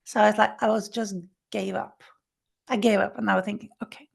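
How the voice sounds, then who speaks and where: A woman with a creaky, gravelly voice, caught mid-interview as she tells her own story. Her English is non-native and halting, full of restarts. She livens the tale by acting out the voices of the people in it, at a middle pitch. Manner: animated storyteller who acts out quoted speech. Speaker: interview guest. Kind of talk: personal recovery story told in conversation.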